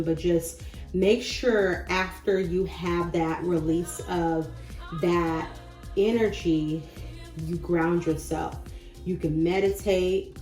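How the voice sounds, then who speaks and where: A woman in her thirties talking casually and encouragingly to camera about faith and change, chatty and goofy, with sudden loud bursts. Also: on the low side, fairly even intonation, takes it slowly. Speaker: spiritual vlogger. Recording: echoey room with faint music.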